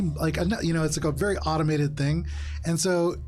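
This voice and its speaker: Slightly high-voiced male game master. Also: brisk, faint music behind. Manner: descriptive, relaxed, with frequent fillers. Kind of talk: narrating a tabletop game.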